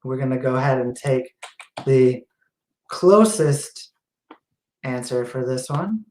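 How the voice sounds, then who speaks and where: Slow-talking male quiz host, roomy sound. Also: mid-range voice, animated, a little mellow, a little hiss or hum. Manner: slow, playful, quizzing a co-host. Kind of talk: casual quiz show chat. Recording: roomy echo.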